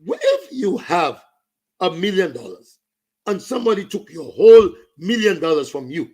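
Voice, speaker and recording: A man's voice: on the high side, animated, normal speed, a little mellow, breathy edge. A man with a Saint Lucian accent ranting about politics, slipping into Creole and French. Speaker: political commentator. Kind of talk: impassioned political rant.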